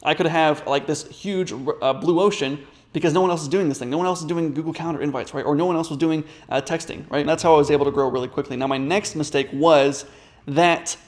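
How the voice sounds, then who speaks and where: A man's voice: on the high side, steady tone, quick pace. A man telling a business story in a casual, rambling way, with many fillers and restarts. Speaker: business coach.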